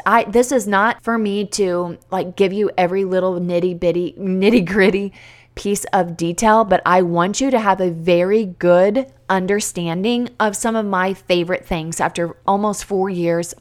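A woman in her thirties hosting a solo podcast, earnest and encouraging, rolling through long run-on lists with the occasional restart. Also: mid-range voice. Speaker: podcast host and homeschool coach. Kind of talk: energetic solo podcast talk with a promo.

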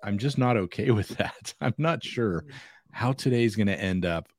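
A man's voice: lowish voice, animated, normal speed. A man co-hosting a security podcast in an easygoing, self-deprecating chat who laughs often. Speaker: podcast co-host. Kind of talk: casual chat.

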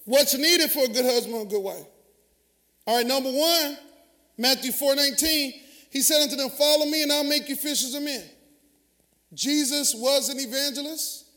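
A man's voice: very high-pitched, moderate pace, pushed and bright. A man preaching a sermon as pastor, talking with the congregation in call-and-response. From Southern US. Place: large church sanctuary. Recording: long hall reverb.

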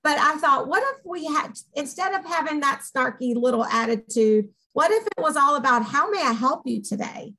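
A woman with a Southern accent, co-hosting a casual talk show and telling stories in an animated, rambling way. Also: high voice, normal speed, hardly any pauses, low-quality recording. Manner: animated, upbeat, rambling storyteller. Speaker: podcast co-host, organization co-founder. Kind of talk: casual chat.

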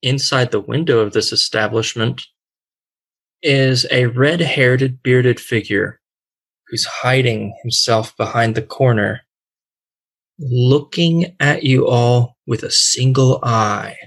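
A man running a tabletop game as game master, narrating the scene in a deliberate, descriptive way. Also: mid-range voice, fairly bright tone, breathy edge.

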